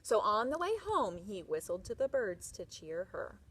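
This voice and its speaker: A woman reading a picture book aloud to children, expressive, with chatty asides. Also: mid-range voice, normal speed, husky.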